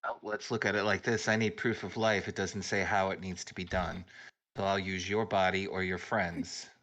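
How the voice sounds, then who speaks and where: A very deep-voiced man playing a tabletop game. His tone is bright and forceful, and his manner is blunt and matter-of-fact. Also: level tone, moderate pace, poor audio. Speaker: player. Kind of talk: casual tabletop role-play.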